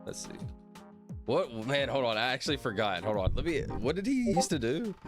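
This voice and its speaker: A man's voice: medium pitch, very animated, moderate pace, soft background music. Guy rambling on his stream, voice bouncing all over, laughs a lot, keeps saying sorry. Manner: rambling, laughs often, apologizes repeatedly. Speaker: livestreamer. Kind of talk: casual livestream chat.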